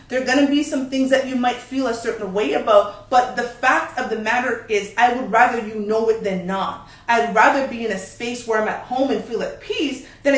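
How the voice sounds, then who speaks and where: A blunt, animated woman co-hosts a frank talk show with her partner, her voice pitched a little high. She sits back from the mic in an echoey room. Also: distant mic. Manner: blunt, animated, laughs often. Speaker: podcast co-host. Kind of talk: candid couple's chat.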